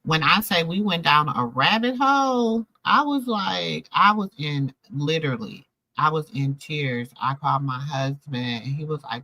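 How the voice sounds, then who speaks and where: A middle-aged woman telling stories in a casual chat to her viewers, animated and calling out to them. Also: deep voice, a little slow, few pauses, slight background noise, rough recording. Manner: animated storytelling, calls out to viewers. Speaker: host.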